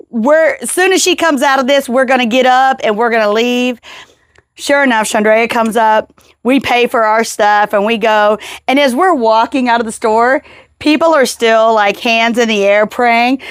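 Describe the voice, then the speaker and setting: A woman hosting a podcast, a mother and caregiver who tells stories in a lively, casual way and acts out the people she quotes. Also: fairly high pitch, normal speed, no room sound, clean studio sound. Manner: animated storyteller acting out quotes. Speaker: podcast host; mother and caregiver of a child with seizures. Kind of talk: casual storytelling interview.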